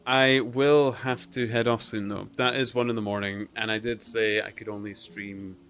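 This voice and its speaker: A man's voice: on the low side, steady tone, normal speed, fairly bright tone, faint music behind. A man streaming a game, chatting casually and a bit hesitantly with ums. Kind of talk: casual chat while gaming.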